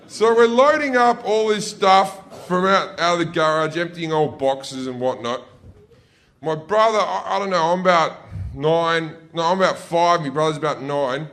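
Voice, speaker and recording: A man's voice: on the high side, normal speed, fairly bright tone. A man telling rambling, profane stand-up stories, often correcting himself mid-sentence. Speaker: stand-up comedian. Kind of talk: stand-up comedy storytelling.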